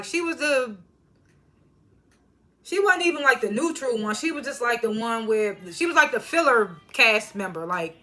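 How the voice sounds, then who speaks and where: Woman recapper with AAVE speech, casual and animated, bright tone. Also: fairly high pitch. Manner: laughs often, animated retellings of quotes. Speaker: reality TV recapper.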